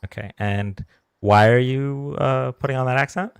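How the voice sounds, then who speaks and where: A man's voice: medium pitch, moderate pace, gravelly, clean tone, dry recording. A man hosting a live political debate stream, talking casually and hesitantly with many fillers and restarts.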